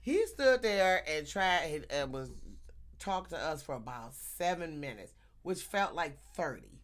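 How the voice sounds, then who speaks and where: A woman telling a story in casual chat, animated and laughing often, acting out the people in it. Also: low-pitched, a little slow. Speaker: teacher.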